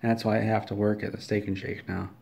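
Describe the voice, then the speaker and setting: A blunt young woman cook who answers in a plain, offhand way, as a man reads her lines in a comic story. The voice sits low and gravelly, and it barely shifts from the storyteller's own. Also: flat delivery, fast talker, a little mellow.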